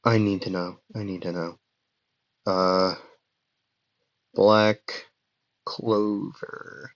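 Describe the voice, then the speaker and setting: A young man rambles through a made-up fan story at an unhurried pace, joking and correcting himself as he goes. His voice sits at an ordinary middle pitch. It comes through a dull, lo-fi home mic with a very dry sound. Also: flat delivery, dry recording. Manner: rambling, self-correcting, jokey.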